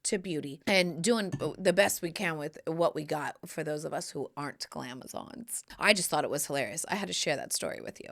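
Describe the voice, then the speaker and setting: A woman's voice: on the low side, a bit bright. A woman hosting a podcast, telling stories in a chatty, playful way with sassy asides. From United States. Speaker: podcast host. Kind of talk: casual chat to camera.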